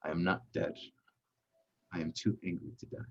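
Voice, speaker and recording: A man voicing an angry male wood-and-metal construct in a low, deep voice, blunt and defiant. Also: level tone, moderate pace, highs cut off. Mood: gruff.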